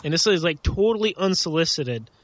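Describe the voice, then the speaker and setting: A man's voice: a little high, expressive, fairly quick, dry recording. A man co-hosting a casual podcast chat, rambling with lots of fillers and laughs. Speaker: podcast co-host.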